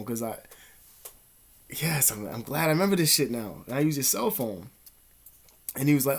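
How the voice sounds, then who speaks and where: A man vlogging in a rambling, profane, animated storytelling monologue. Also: mid-range voice, moderate pace, long pauses. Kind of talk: casual monologue.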